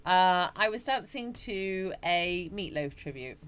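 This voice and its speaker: Chatty woman, middle-aged, lowish voice, livestream host reading out comments, faint background hiss. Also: animated, slow pace. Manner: chatty, greets viewers by name, frequent yawns and laughs. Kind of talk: casual live chat reading out viewer comments.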